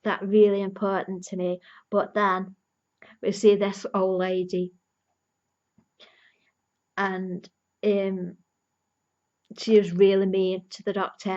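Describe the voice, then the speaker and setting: Brief: female TV reviewer, earnest invested fan, slow unhurried delivery, slightly dull lo-fi audio. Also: medium pitch, little pitch movement, darkish tone. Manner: earnest, emotionally invested fan recapping the plot. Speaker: TV episode reviewer. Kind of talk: casual review vlog.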